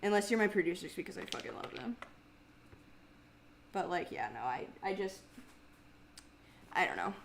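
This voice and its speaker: A woman's voice: sing-song, normal speed, creaky, long pauses, slight background noise. A young woman hosting a casual livestream in a mumbly, grumbly voice, chatting, swearing freely and laughing often. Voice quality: mumbly, grumbly low speaking voice. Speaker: livestream host and singer. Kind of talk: casual livestream chat reading viewer comments.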